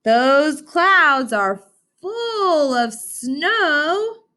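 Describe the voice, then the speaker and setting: A woman reading aloud and voicing an excited fox from a picture book, with a high squealing voice and slow drawn-out words. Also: full character voice.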